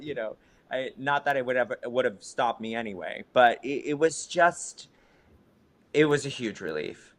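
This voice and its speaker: A man's voice: mid-range voice, expressive, moderate pace, fairly bright tone. A young adult man, a drag musician, speaking earnestly and reflectively about his life in an interview, at times openly emotional. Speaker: documentary subject, drag musician. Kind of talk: interview conversation.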